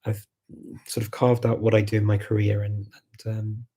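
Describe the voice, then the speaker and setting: Scouse guy chatting live with viewers, flat low-ish husky voice, lots of ums. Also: normal speed. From Liverpool, England. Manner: relaxed, thinking aloud with many ums and restarts. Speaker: host of a live language chat. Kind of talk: casual live chat answering viewer questions.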